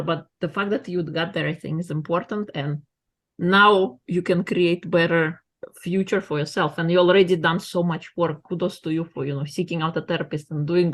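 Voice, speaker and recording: A woman hosting a podcast, encouraging her guest in casual talk with slightly uneven phrasing. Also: lowish voice. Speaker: podcast host.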